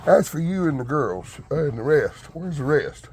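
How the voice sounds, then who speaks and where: Gravelly, lively man chatting. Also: on the high side, moderate pace, slight background noise. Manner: chatty, drawling, talks to viewers and sweet-talks his hens. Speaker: backyard chicken keeper. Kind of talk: casual vlog chat. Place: outdoor yard and front porch in freezing weather.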